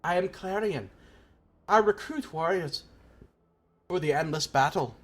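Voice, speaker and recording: A man's voice: fairly high pitch, animated, normal speed, husky. A man voicing an earnest young armored woman recruiter in a put-on accent while reading game dialogue aloud.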